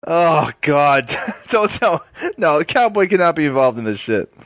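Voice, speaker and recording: A man co-hosting a comedy podcast, bantering with exasperated quick reactions. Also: on the high side, very animated, fairly bright tone, dry recording, clean studio sound. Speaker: podcast co-host.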